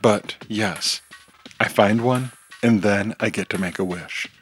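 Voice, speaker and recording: A man playing a calm, methodical young hero. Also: on the low side, slow, faint music behind. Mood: matter-of-fact. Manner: level, matter-of-fact. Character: calm, methodical young male superhero driver.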